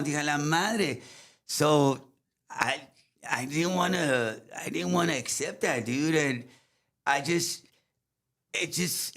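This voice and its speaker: Middle-aged Tejano man, code-switching storyteller, emotional and meandering, slightly higher voice. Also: fairly bright tone. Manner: rambling, switches between English and Spanish, many fillers. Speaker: guest recounting a story.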